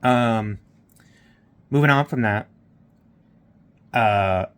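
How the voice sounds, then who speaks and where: A man's voice: fairly low pitch, extremely slow, fairly bright tone, smooth. A man vlogging, retelling a morning story in a rambling way with lots of fillers and quoted dialogue. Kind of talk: casual vlog storytelling.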